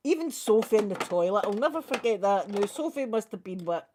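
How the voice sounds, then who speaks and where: A Scottish woman chatting casually through a makeup ASMR video, quick and soft-spoken with frequent laughter. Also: mid-range voice, animated, background noise. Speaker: ASMR creator doing makeup.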